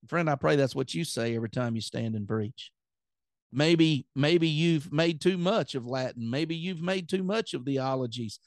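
Southern guy preaching on his podcast, kinda high voice, super earnest, dry close sound. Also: dry recording. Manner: earnest, impassioned plain-spoken preaching. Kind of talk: podcast sermon.

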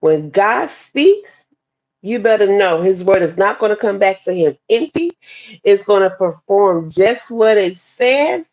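A woman telling a personal testimony story in a lively, expressive way, talking straight to her listeners. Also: mid-range voice, a little slow. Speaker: guest speaker sharing testimony. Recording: dull lo-fi podcast audio.

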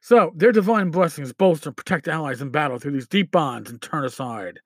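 Male podcast host, slightly higher voice with a bouncy, swinging delivery; rambling, irreverent, trips over words when reading; dry close sound. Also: animated, a little fast, dry recording. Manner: rambling and irreverent, with profanity and asides; stumbles over words while reading aloud. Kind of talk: casual podcast chat.

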